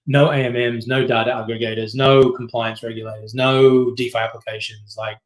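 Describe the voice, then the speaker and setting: Guy running through slides in a loose presentation, lots of ums and "right?", middle-pitched voice. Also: steady tone, low-quality recording. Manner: quick, loose, filler-heavy, keeps asking "right?". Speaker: company CEO giving a masterclass. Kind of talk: casual presentation talk.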